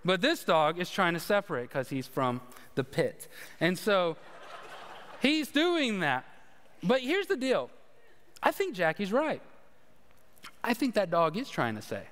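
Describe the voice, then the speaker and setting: A man's voice: extremely high pitch, very animated, unhurried, pauses often, a bit bright, big-room sound. A man, a pastor preaching a conversational sermon with humorous stories. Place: church sanctuary.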